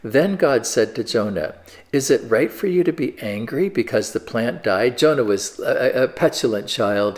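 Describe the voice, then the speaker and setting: A man's voice: mid-range voice, expressive, normal speed, a little mellow. A man giving a conversational sermon, reading scripture aloud and explaining it, with frequent fillers and restarts.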